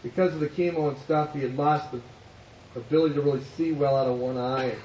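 A man's voice: a little high, fairly even intonation, fast talker, warm tone, a little hiss or hum. A man preaching as a pastor, telling a story and acting out the voices of the people in it. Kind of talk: sermon storytelling. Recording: echoey hall, distant mic, dull sound.

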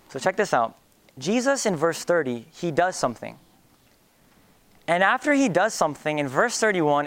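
A young man delivers a sermon in an earnest, searching way. He stumbles into frequent fillers and restarts, and his voice sits a little high. The tone stays smooth and resonant throughout. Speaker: preacher.

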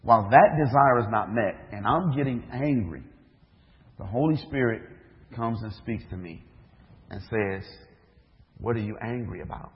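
A man's voice: mid-range voice, animated, normal speed. A man, a minister, preaching a sermon, telling a story with acted-out dialogue and rhetorical questions. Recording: dull echoey hall recording.

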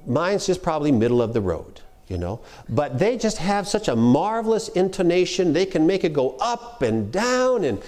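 A middle-aged man giving a conversational workshop lecture on preaching, animated and acting out quoted speech. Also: fairly high pitch. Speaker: preaching instructor.

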